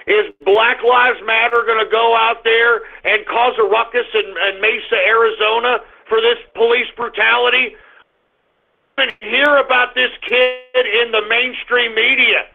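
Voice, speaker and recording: A high-voiced man holds forth on his talk radio show, ranting and cursing and now and then breaking into loud outbursts. His voice comes through thin and tinny, like a phone line. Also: vocal fry. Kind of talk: call-in talk radio monologue.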